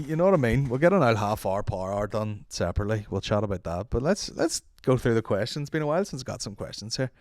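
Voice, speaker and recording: An Irish man hosts a podcast on his own, joking and swearing freely as he goes. His pitch swings a lot as he talks, and the sound is close and dry. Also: no echo. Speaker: podcast host. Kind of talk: solo podcast chat.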